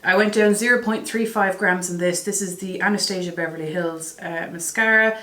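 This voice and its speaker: Chatty woman vlogger, slightly low voice, exasperated asides, roomy echo. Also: steady tone, fairly quick, fairly bright tone. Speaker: beauty vlogger. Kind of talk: casual product review vlog.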